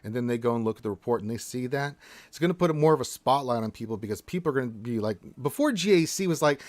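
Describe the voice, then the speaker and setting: A man's voice: medium pitch, lively intonation, quick pace, no echo. A man hosting a casual gaming livestream, reading chat in a blunt, emphatic, rambling manner.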